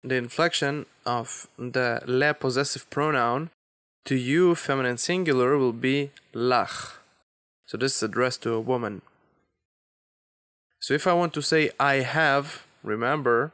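Man teaching slowly in a dry room. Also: mid-range voice, a bit bright, clean tone, no echo. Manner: slow, deliberate explanations with example phrases. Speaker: Hebrew teacher. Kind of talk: language lesson.

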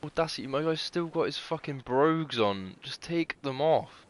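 A young man with a swearing, excitable manner, chatting casually as he plays a game. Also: fairly high pitch, moderate pace. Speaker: gamer. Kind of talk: casual let's-play commentary. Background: loud game music.

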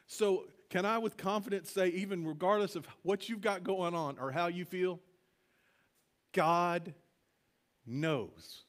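A male pastor giving a conversational sermon in a church, earnest and halting, asking the congregation to repeat words after him. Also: high voice. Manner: earnest, halting, leads congregation call-and-response. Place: church sanctuary.

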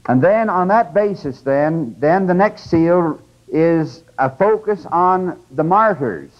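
Older male lecturer, raised pitch, conversational and emphatic, dull old lecture tape. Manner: conversational, emphatic teaching with asides. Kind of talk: religious lecture.

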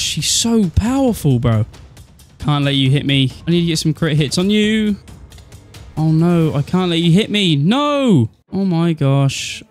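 A man giving excitable, nervous let's-play commentary, exclaiming and talking to himself as he plays. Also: a little high. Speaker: gaming YouTuber.

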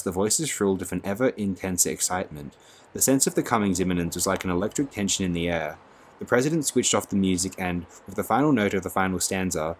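A male audiobook narrator reads a classic novel aloud. His voice sits very low. He reads expressively, letting the prose swell with the scene. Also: slight background noise. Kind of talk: scripted narration.

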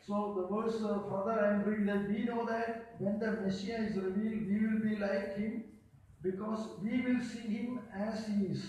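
A male preacher with a high-pitched voice delivers a sermon in a halting way, repeating phrases and saying hallelujah often. He is recorded from a distance in a very reverberant room with faint background noise. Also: fairly even intonation, darkish tone. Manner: halting, repeats words, many fillers, frequent hallelujahs. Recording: echoey room, picked up from a distance.

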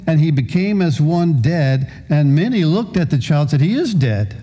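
A man's voice: high voice, mellow. A man in his sixties preaching a sermon as a pastor, often repeating words as he starts a phrase.

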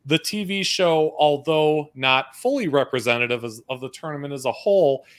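A man hosting an interview show, asking questions in a relaxed, conversational way with filler words. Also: a little high, normal speed. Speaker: podcast host. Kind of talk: casual interview.

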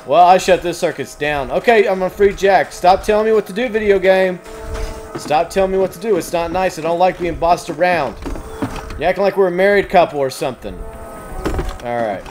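A man's voice: high voice, brisk. A man giving profane, trash-talking commentary while playing a video game. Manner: loud, swearing, trash-talking enemies. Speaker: let's play gamer. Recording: game music behind.

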